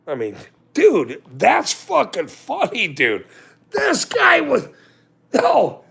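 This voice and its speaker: A man with a very gravelly, bright edge rants on his livestream. He talks in a slow drawl while his pitch leaps high and drops low, and he swears and laughs through his points as he reacts to the chat. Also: huge pitch swings. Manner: profane, laughing, insistent. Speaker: livestream host. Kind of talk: casual livestream rant.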